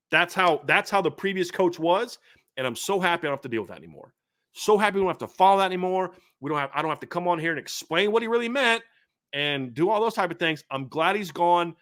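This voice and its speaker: A middle-aged man hosting a sports podcast delivers a fired-up, emphatic commentary rant full of repetition. His voice is a little high, bright, and forceful.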